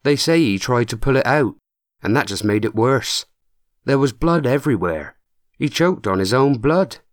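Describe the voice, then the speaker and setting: A man plays an anxious, eager young apprentice lad from Suffolk, his vowels drawn long and broad. The voice sits higher than a usual man's talk and swings widely in pitch. The audiobook recording is close and dry. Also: expressive, normal speed, no room sound, natural voice.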